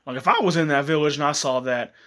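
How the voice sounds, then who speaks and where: A man's voice: fairly high pitch, quick pace, sharp tone. A man casually telling a fan-fiction story, chatty, often laughing and coughing. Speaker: YouTube storyteller.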